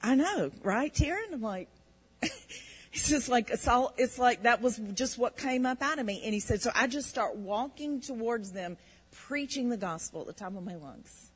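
A woman co-hosting a faith show, telling an animated testimony story and often repeating words when excited. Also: on the high side, moderate pace, husky, rough recording. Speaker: ministry show co-host.

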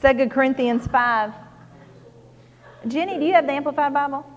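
A woman's voice: high voice, normal speed, lo-fi sound. Folksy woman preaching in a hall. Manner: conversational, folksy storytelling with many "you know"s. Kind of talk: sermon.

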